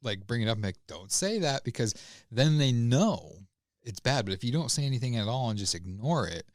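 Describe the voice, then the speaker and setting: A man co-hosting a podcast in casual chat, halting and hesitant as he talks. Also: medium pitch, animated, a little mellow, no room sound, clean studio sound. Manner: hesitant, many fillers and restarts, halting. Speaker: podcast co-host.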